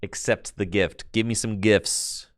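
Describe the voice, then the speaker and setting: A man streaming a card game on his computer, chatting casually and excitably with his viewers in slang, with bursts of laughter. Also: lowish voice, measured pace, no room sound. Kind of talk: casual live-stream chat while playing a card game.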